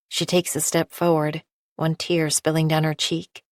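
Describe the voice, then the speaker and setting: Low-voiced woman narrating an audiobook. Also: level tone, measured pace, dry recording, studio quality. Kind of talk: first-person scripted narration.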